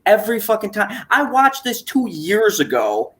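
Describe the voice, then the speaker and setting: A man in his thirties hosting a casual chat stream, animated and profane, laughing often as he talks. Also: sits high, moderate pace. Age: 30s. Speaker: stream host.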